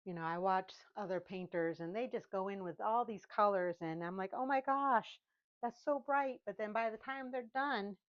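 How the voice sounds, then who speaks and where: A woman's voice: mid-range voice, normal speed, few pauses, muffled recording. A woman chatting casually while she paints, laughing often and talking to herself. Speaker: painting vlogger.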